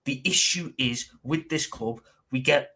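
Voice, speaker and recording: Bright-voiced animated football fan. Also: male voice, mid-range voice, measured pace. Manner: animated, mimics people mockingly. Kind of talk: heated fan debate.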